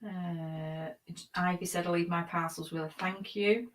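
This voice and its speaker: Soft-spoken woman co-host, reads chat aloud, giggly. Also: fairly low pitch, steady tone, measured pace, slight background noise, poor audio. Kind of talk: live-stream chat reading viewer comments.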